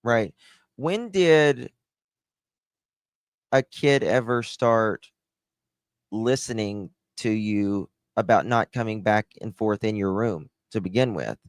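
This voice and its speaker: Slow, blunt sarcastic man. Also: fairly low pitch, animated, no echo, studio quality. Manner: blunt and sarcastic, dismissive of claims. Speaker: live-stream commentator. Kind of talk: casual true-crime commentary to a live chat.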